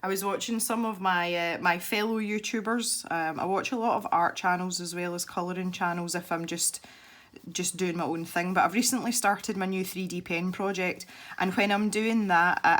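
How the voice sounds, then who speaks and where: Chatty Scottish woman, low voice. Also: fairly bright tone. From Scotland. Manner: chatty, rambling, laughs easily. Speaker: art channel host. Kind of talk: casual tutorial chat while colouring.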